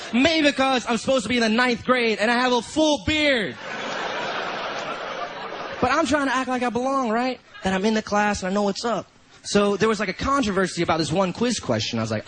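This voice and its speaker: A man with a strikingly high voice performs stand-up on a comedy stage, bouncing through an animated story and slipping into other people's voices. The live recording carries a clear layer of background noise. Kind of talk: stand-up routine. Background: audience laughter.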